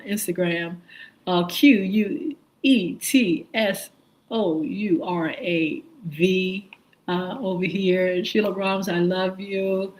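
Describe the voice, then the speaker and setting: A woman's voice: mid-range voice, low-quality recording. A woman hosting a live morning show, greeting viewers by name and spelling out their usernames in a friendly way. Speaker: radio and livestream show host. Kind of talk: live-stream viewer shout-outs.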